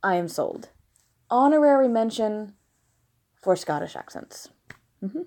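In a medium-pitched, animated and slightly mellow voice, a Southern American woman reads listener questions at a measured pace and gives blunt, frank answers with giggly laughs. It's a casual question-and-answer monologue recorded at home, with a dog nearby.

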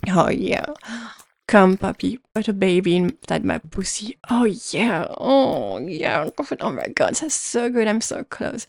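A young woman performing an adult audio role-play in a dominant, teasing voice with breathy murmurs, close to the mic. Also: medium pitch, animated, a little slow, a little mellow, no room sound.

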